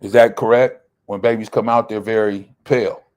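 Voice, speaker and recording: A man's voice: lowish voice, steady tone, normal speed, darkish tone, clear, resonant tone. A man teaching a Bible study. He reads verses aloud, then explains them, and often asks a question and answers it himself.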